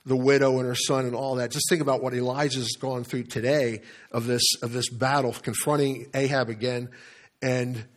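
A male pastor delivers a sermon as an animated story. He talks at a middling pitch, sometimes repeats his words and lets small chuckles slip in.

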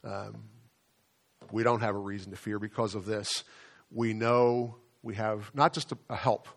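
A man preaching a sermon as pastor, in a conversational way, often repeating words and slowing down to stress key phrases. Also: on the low side, steady tone, gravelly.

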